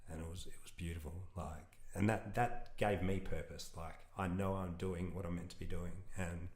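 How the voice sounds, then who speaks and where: A man's voice: low-pitched, fairly even intonation, normal speed, a little mellow, echoey room. A man, a podcast guest talking earnestly and reflectively in a casual interview, rambling with restarts. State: emotional.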